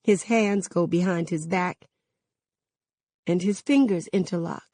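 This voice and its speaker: A woman reading a novel aloud in a measured, even narration. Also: lowish voice, no echo. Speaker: reader.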